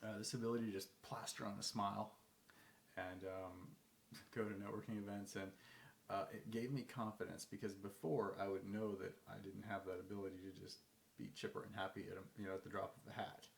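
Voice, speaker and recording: A man's voice: on the low side, little pitch movement, a little fast, gravelly, roomy sound, a little hiss or hum. A man giving casual advice, rambling with many fillers and restarts, sometimes acting out phone calls. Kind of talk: casual talk to camera.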